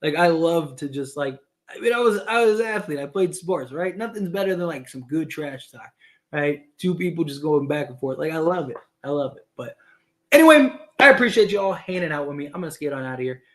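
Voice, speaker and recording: A man's voice: on the high side, lively intonation, brisk, a bit bright. A man hosting a casual livestream about basketball, rambling with many fillers and laughing often. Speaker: basketball commentator and streamer.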